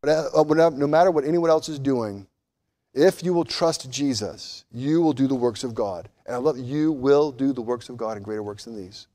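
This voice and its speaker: A pastor preaching a sermon, building to loud emphatic peaks and then dropping to a quiet, earnest tone, often repeating words as he goes. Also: medium pitch, normal speed. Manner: impassioned, rising and falling emphasis, repeats words; addresses children directly at times.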